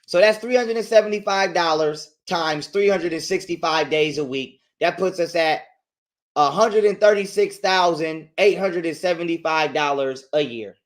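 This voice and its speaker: High-voiced ranting man on a livestream. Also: moderate pace. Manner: ranting, crude, emphatic. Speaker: livestream guest. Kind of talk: profane livestream rant.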